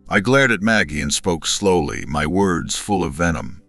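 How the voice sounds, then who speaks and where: A man's voice: deep voice, moderate pace, hardly any pauses, a bit bright, faint music behind. A man narrating a first-person story in a cold, sarcastic manner.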